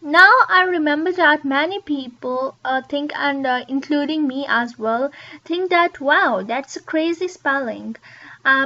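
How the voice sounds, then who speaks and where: A woman's voice: sits high, fairly bright tone, highs cut off. A woman teaching English pronunciation, saying each word twice with careful emphasis. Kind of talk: pronunciation lesson.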